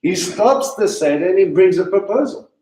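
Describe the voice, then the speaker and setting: A man teaching a congregation at a Passover meal. He talks in an animated way, asks many questions and slows down to stress key words. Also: high voice. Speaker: teacher leading a Passover Seder. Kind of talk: sermon-style teaching. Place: congregation hall. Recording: echoey room, voice from a distance.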